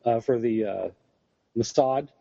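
A man's voice: mid-range voice, moderate pace, warm tone, no echo, dull audio. A man co-hosting a podcast, chatting casually and rambling through comic reviews with plenty of fillers. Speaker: podcast co-host.

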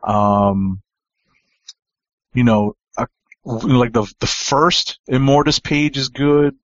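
A man's voice: medium pitch, steady tone, slow, no room sound, muffled recording. Hesitant man chatting about comics. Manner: hesitant, many fillers and restarts. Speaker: podcast co-host. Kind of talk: casual comic book discussion.

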